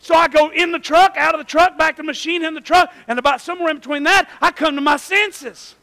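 Male pastor in a church, very high bright voice, storytelling sermon that drops to a hush and rises to shouts. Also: quick pace, gravelly, low-quality recording. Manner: storytelling, swings from hushed to shouting.

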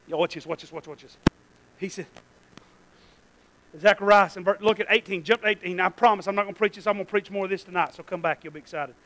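A preacher man with a very high, bright voice, preaching to a church congregation. He drops to quiet asides, then climbs into shouted, stretched-out peaks. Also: poor audio. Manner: swings from low asides to shouted, drawn-out peaks. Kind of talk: sermon.

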